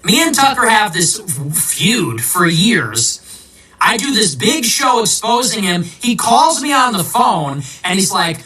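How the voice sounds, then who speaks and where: A man's voice: high voice, animated, unhurried, bright, forceful tone, distant mic, low-quality recording. A man, a political commentator, delivering a combative, sarcastic ranting monologue.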